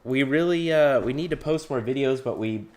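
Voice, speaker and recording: A man's voice: medium pitch, moderate pace, darkish tone. Goofy playful man hosting a stream. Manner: playful, goofy, laughing a lot. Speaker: host. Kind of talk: casual chat hosting a livestream.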